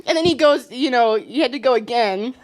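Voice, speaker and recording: A teenage girl with a high voice tells a funny travel story to a gathered audience. She is animated, laughs often and acts out what everyone said. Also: brisk. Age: teens. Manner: animated, laughing, acting out quotes. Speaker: student sharing a trip story.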